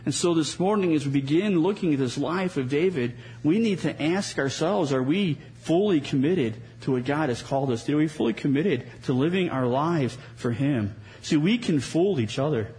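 Male pastor preaching, kinda high voice, earnest w/ dry sarcastic bits. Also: animated, moderate pace, hardly any pauses, darkish tone, poor audio. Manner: earnest, with wry sarcasm and small repeats. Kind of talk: sermon.

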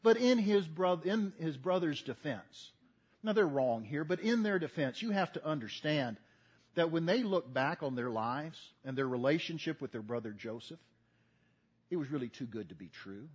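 A man's voice: fairly high pitch, lively intonation, normal speed, breathy edge. An older man preaching a sermon, folksy and earnest, building to emphatic repetition. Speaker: pastor.

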